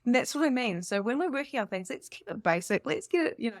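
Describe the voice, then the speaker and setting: A woman speaking as a spiritual coach in a casual, rambling monologue, animated and laughing often. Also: a little high, fast talker, no echo, studio quality. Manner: animated and enthusiastic.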